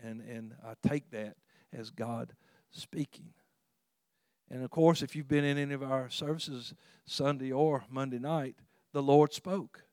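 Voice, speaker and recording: A man delivers a sermon in a conversational, earnest way. He restarts his phrases often and suddenly climbs in pitch and volume when he presses a point. The sound is dry and close, and his voice sits at an ordinary pitch. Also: fairly even intonation, measured pace, darkish tone, no echo. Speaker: pastor.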